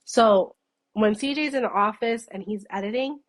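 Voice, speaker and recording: A woman's voice: mid-range voice, moderate pace. A woman co-hosting a podcast in casual chat, telling stories and acting out her coworkers' lines. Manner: animated storyteller, acts out coworkers' lines. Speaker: podcast co-host, salon manager.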